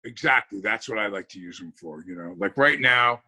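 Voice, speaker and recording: A man's voice: lowish voice, animated, brisk, pushed and bright, poor audio. A man chatting casually on a podcast in an easygoing, joking way. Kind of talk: casual chat.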